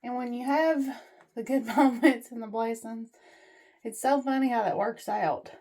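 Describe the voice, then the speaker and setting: Slow-talking high-voiced woman. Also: mellow. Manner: homespun, faith-based pep talk to viewers. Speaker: vlogger. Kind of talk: casual encouraging vlog talk.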